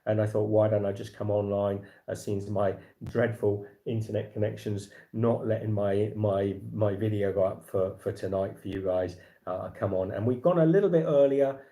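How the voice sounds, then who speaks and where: A man's voice: lowish voice, steady tone, moderate pace, hardly any pauses, warm tone. A man with an English accent hosting a casual livestream chat, rambling with lots of fillers and restarts. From England. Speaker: livestream host.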